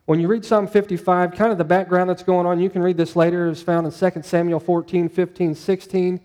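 Male pastor, slightly high mellow voice, chatty preaching style that draws in the congregation. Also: level tone, a little fast, long reverb tail. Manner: conversational, asks the congregation questions. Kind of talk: sermon.

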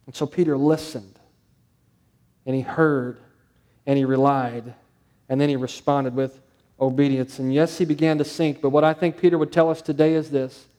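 A man's voice: mid-range voice, fairly even intonation, moderate pace, mellow. A male pastor preaching a sermon, stressing points through repetition and rhetorical questions.

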